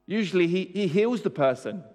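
Male preacher, slightly high voice, emphatic and questioning, church-hall reverb. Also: expressive, moderate pace, darkish tone, soft background music. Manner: emphatic, asks the audience questions. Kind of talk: sermon.

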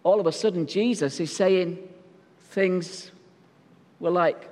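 A man's voice: high-pitched, takes it slowly, darkish tone, in a large hall. A male pastor preaching a sermon in a church, telling stories in a jokey, conversational way. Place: church sanctuary.

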